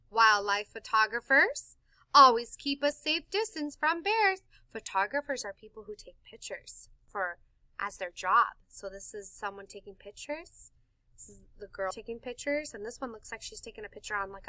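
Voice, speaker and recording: A woman reading a picture book aloud to children in an animated, sing-song way, stopping to explain words. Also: fairly high pitch, no room sound. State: tickle in her throat. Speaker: storytime reader for children.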